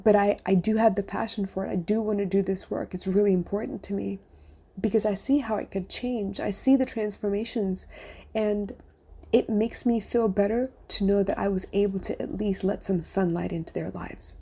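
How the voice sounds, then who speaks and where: Earnest woman with a husky, mellow voice. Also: medium pitch, steady tone, normal speed. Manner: earnest, confessional, drops to a whisper at times. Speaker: life coach and podcast host. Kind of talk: personal monologue podcast.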